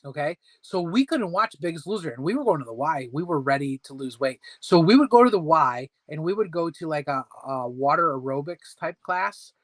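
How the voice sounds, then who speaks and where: Male host, casual home livestream chat, slightly high voice, rambling and self-deprecating, dry close sound. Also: expressive, brisk, few pauses, no echo. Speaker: host of a weight-loss support chat.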